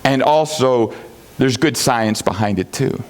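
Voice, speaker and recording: A man giving an animated teaching talk to a congregation, firing off rhetorical questions, chuckling at his own asides and acting out the people he quotes. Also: medium pitch, a little slow. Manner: acts out quoted people in raised voices. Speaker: Bible teacher.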